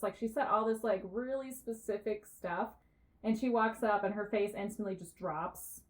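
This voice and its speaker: A woman co-host speaks at normal speed in a mid-range voice, telling a story on a casual podcast chat. Animated throughout, she laughs frequently and swears freely.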